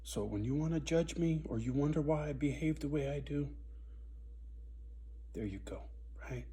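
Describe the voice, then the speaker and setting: A man's voice: a little high, normal speed, warm tone, husky. A man vlogger telling a painful personal story to camera, in a blunt, profane and intense way.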